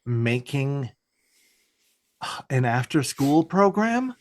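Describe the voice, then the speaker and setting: A man's voice: fairly low pitch, lively intonation, a little slow. A man co-hosting a podcast, recapping a TV episode in casual chat, rambling with lots of fillers and cussing. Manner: rambling, heavy "like" fillers, swearing, mock voices for characters. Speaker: podcast co-host.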